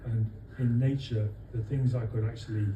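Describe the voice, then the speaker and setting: A man from London giving a humorous birthday speech for his wife to friends at a restaurant, with dry comic timing and many pauses. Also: medium pitch, muffled recording, a little hiss or hum. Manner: deadpan comic timing, halting with fillers. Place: restaurant dining room with guests. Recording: echoey room, voice from far off. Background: guests laughing.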